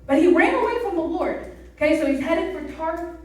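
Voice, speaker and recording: A woman preaching a youth sermon, telling a story in a chatty, animated way and asking the crowd questions. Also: very high voice, normal speed, slight background noise. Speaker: youth pastor. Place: church service hall. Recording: roomy echo, mic from a distance.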